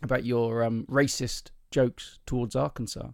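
A man's voice: mid-range voice, level tone, normal speed, gravelly, darkish tone, smooth, no room sound, studio quality. A male comedian hosting a podcast, telling chatty, self-mocking anecdotes in a casual voice with plenty of ums and restarts. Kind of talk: casual storytelling chat.

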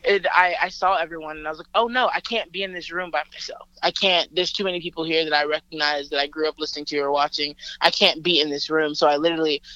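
A woman from Alabama, a rapper and guest, telling a story over a phone call in a lively, chatty way, laughing often and using lots of filler words. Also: sits low, quick pace, few pauses, no room sound.

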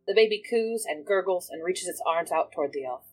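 Husky woman narrating a tabletop vision. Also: deep voice, animated, normal speed, faint music behind, rough recording. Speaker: player. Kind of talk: casual chat and in-character narration.

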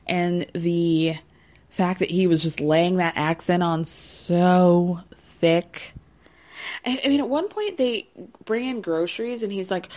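Chatty wry woman with a mellow voice. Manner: chatty, wry, animated with big pitch jumps. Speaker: podcast host recapping reality TV. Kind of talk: casual chat.

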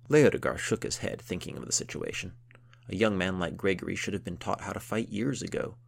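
A man narrating a historical novel in a steady, measured storytelling manner. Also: low-pitched, gravelly.

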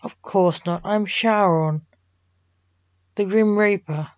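A woman's voice: medium pitch, slow, no echo, close to an everyday voice. A woman voicing an impatient male Grim Reaper who huffs and snaps in exasperation, in a dull lo-fi recording. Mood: exasperated. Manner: huffy, exasperated.

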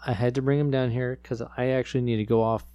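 An earnest small-town radio host, played by a man who reads even grim news in a flat, deadpan tone. His voice sits in an ordinary middle pitch, recorded dry and close with no room sound. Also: fast talker, clear, resonant tone, no echo, close to an everyday voice. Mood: calm. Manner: deadpan, matter-of-fact about grim news. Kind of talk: improvised comedy audio drama.

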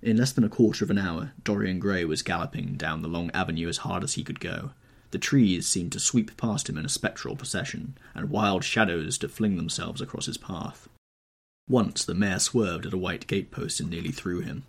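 A man narrating a classic novel chapter for a podcast in a measured, dramatic storytelling manner. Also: low-pitched, creaky, slightly rough. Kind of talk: scripted narration.

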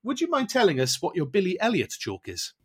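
A man's voice: sits high, huge pitch swings, a little fast, slightly rough. A man co-hosting a podcast, chatting with a guest and wrapping up the show over a call. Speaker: podcast co-host. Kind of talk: casual podcast chat.

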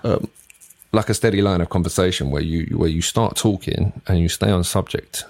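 A man's voice: deep voice, normal speed, vocal fry, a little mellow. A man hosting a solo podcast, rambling and swearing as he jumps between topics. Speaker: podcast host.

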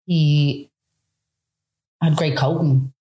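A woman in her thirties with an Irish accent, telling a personal story in a chatty, animated way with lots of fillers. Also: low voice, drawn-out words, echoey room. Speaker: guest. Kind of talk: casual storytelling.

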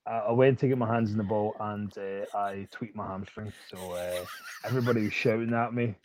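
A man's voice: fairly low pitch, steady tone, brisk, background noise. A Scottish man, a rugby player guest, chatting casually in a laid-back, self-mocking way. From Scotland. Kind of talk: casual chat.

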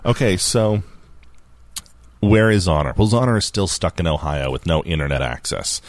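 Low-voiced guy hosting a chatty podcast, dry close sound, reads listener mail. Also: moderate pace, no echo. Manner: chatty, laughs easily, reads listener feedback. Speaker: podcast host. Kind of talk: casual podcast chat.

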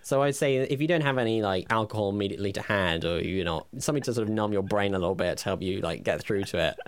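A man's voice: fairly low pitch, fast, clean tone, dry recording. Wry rambling male podcast host. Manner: rambling, wry, hesitant with ums. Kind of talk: casual comedy podcast chat.

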